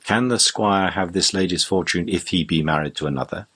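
Sly quick-witted rogue, bold, wheedling, audiobook character, man reading, husky. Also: low-pitched, a bit bright. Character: sly, lively old rogue Jenkinson, quick-witted male.

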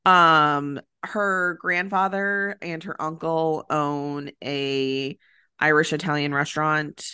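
A woman's voice: sits low, fairly even intonation, slow pace, sharp tone, smooth, no room sound, studio quality. A woman co-hosting a casual podcast, recapping a movie in a chatty way with lots of fillers. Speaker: podcast co-host.

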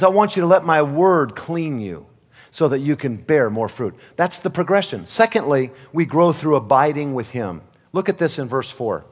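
High-voiced preacher in an echoing church. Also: male voice. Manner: storytelling preacher who acts out voices, rising to fervent pleas. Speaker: pastor. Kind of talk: sermon. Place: church sanctuary. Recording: long reverb of a church hall.

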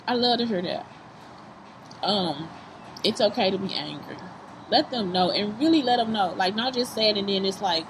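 A woman's voice: medium pitch, animated, moderate pace. Woman vlogger, blunt and swearing, rambles, restaurant noise behind. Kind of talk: casual vlog talk. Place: fast-food restaurant. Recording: noisy restaurant background.

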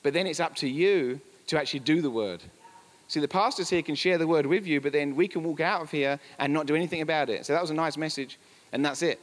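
A man preaches at a fast clip with a slightly raised pitch, hammering his points home by repeating them. His voice rings with the long reverb of a church hall. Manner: emphatic, repetitive preaching with asides. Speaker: pastor. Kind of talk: sermon.

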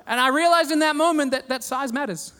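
A man with an Australian accent preaching a sermon, telling stories with humor and animated retellings. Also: extremely high pitch, a little fast, big-room sound, a little hiss or hum. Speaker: pastor.

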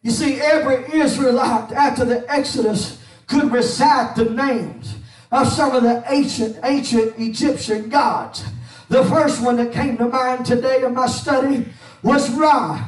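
A man preaching to a church congregation, shouting his lines in a chanted, sing-song style with frequent "uh" fillers, in an echoey church. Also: extremely high pitch, a little slow. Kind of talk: whooping chanted sermon. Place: church sanctuary. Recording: echoey room, far from mic, with music.

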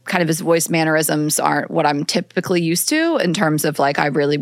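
A woman's voice: low voice, expressive, a little fast, no room sound, studio quality. A woman in casual chat, talking openly and laughing often.

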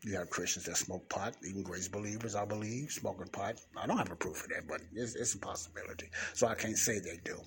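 Deep-voiced guy rambling into a close mic, lots of uh and you know, faint traffic hum behind. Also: quick pace, few pauses. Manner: rambling, repeats words, frequent fillers. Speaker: podcast host. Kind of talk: casual preaching monologue. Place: library study room by a window. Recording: faint street noise through window. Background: faint traffic from outside.

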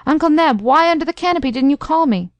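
Casting: woman doing an excitable older Southern gentleman officer for a storybook audiobook, brisk and fussing, dry close sound. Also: on the high side, clean tone, no echo, close to an everyday voice. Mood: flustered. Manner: brisk, exclamatory. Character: blustering older male Southern major.

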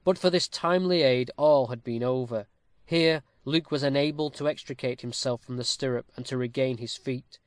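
A man reading a classic novel aloud with a steady, formal storytelling cadence, close to the mic. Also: mid-range voice, normal speed, no echo. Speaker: audiobook narrator. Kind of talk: scripted narration of a classic novel.

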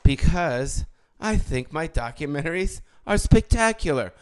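A man's voice: fairly high pitch, expressive, unhurried, smooth, no room sound. A man of about fifty who hosts a podcast and does stand-up. He rants alone in a rambling, profane way and keeps correcting himself. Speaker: comedian and podcast host. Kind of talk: casual solo podcast rant.

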